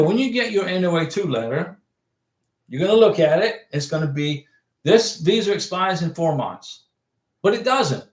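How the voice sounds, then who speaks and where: A man's voice: fairly high pitch, echoey room. A man hosting a casual livestream, chatting folksily, reading viewer messages aloud and giving direct advice.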